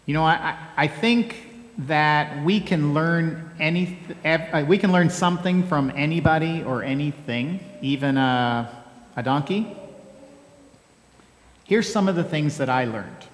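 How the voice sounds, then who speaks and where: A man preaching a sermon as pastor, measured and earnest, gently reflective. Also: a little high. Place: church sanctuary. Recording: echoey church hall with long reverb.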